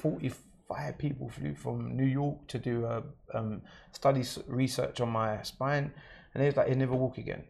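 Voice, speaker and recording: A man's voice: mid-range voice, steady tone, measured pace, creaky, darkish tone. A man with a London accent, a guest in an interview, recounting his own experience in a plain, matter-of-fact way. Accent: London English. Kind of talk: personal story in an interview.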